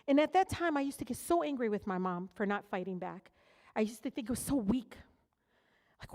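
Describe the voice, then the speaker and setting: Speaking briskly in a slightly mellow, higher voice with lively intonation, a middle-aged woman from Detroit delivers a keynote made of personal anecdotes. She's candid and chatty, often using fillers and side remarks, and the large hall adds a long reverb.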